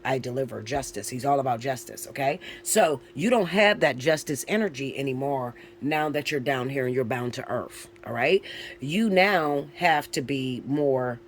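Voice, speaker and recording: A man's voice: medium pitch, measured pace, a little hiss or hum. A man giving a casual spoken tarot reading, talking loosely and informally and checking in often with his listener. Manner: chatty, tags lines with "all right?" and "okay?"; loose and informal, with occasional swearing. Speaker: tarot reader.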